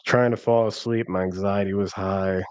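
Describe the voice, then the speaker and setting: A man's voice: deep voice, fairly even intonation, moderate pace, clean tone, no room sound. A man in his thirties telling a rambling, self-deprecating personal story in a casual vlog. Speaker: vlogger.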